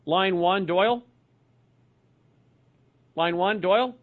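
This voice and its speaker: Man, call-in talk show host, brisk, somewhat high pitch, dull broadcast audio. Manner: brisk, reads out web addresses and phone numbers. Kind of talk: talk radio hosting with call-ins.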